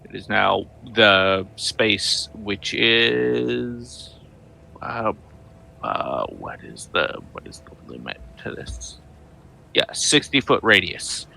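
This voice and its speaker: Male tabletop player, slow and rambling, gravelly and sharp-toned. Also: on the low side, lively intonation, a little hiss or hum, low-quality recording. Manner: rambling, hesitant. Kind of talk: playing a tabletop game.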